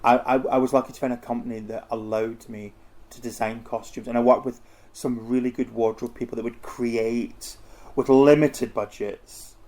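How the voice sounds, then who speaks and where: A middle-aged man who owns a costume house is an interview guest in a casual, conversational interview, talking in a chatty, rambling way with many restarts. His medium-pitched voice is mellow and flat, at a moderate pace.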